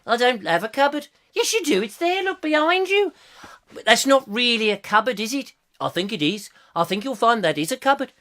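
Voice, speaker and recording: A man's voice: very high voice, very animated, bright, forceful tone, pitched above the performer's own voice, exaggerated voice. A man putting on a Birmingham accent to play bickering Brummie men in a radio-play style squabble. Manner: bickering, whiny, rapid back-and-forth.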